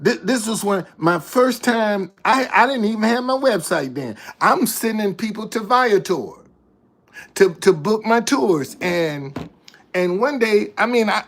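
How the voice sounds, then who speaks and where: A man who works as a tour guide, telling stories to the camera in a casual, animated way and often repeating or restarting his phrases. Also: high voice, creaky.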